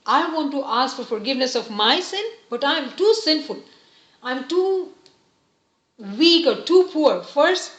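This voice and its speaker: A woman giving an earnest, gentle religious lesson, explaining each point patiently. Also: sits high. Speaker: religious teacher. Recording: roomy, slightly dull recording.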